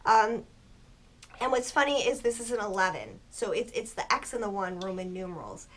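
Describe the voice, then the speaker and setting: A woman giving a casual tarot reading to her viewers, earnest and soft-spoken, with a spiritual tone and frequent filler words. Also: mid-range voice, expressive, moderate pace. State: just woken early in the morning. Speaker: tarot reader.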